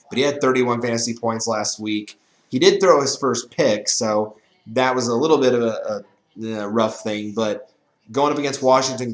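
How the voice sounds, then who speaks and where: A man's voice: medium pitch, a bit bright. Man, fantasy football host, emphatic, repeats himself, roomy echo. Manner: emphatic, repetitive, mock-panicky voice when quoting fans. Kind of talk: casual sports analysis monologue.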